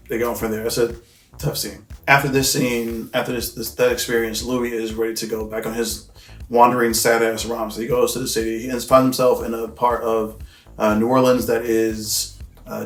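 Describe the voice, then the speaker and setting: Casual slangy man recapping a film. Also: mid-range voice. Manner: loose, slangy, swears freely. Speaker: film reviewer. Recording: echoey room with faint music.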